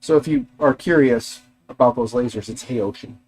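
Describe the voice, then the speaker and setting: A man's voice: mid-range voice, moderate pace, a little mellow. A middle-aged man hosting a casual livestream from his garage workshop, rambling chattily and talking to his dogs and viewers. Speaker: livestream host.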